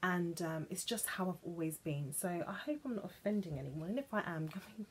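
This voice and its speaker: A woman from England chatting playfully about perfumes, gushing and now and then dropping into soft whispers. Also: on the low side, animated, fairly quick, slightly rough. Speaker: perfume vlogger. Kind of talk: chatty vlog.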